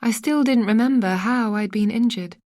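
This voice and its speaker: A woman's voice: on the high side, moderate pace, darkish tone, dry recording, clean studio sound. A woman narrating a first-person suspense audiobook, raising her voice into urgent, anxious tones for the dialogue.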